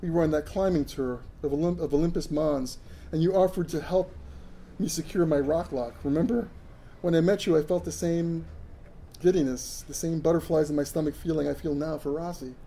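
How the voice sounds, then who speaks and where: A man voicing a soft-spoken young woman, calm and quietly sad, while reading a story aloud. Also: on the high side, fairly quick, gravelly, slight background noise. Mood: wistful. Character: wistful young woman gently ending a romance.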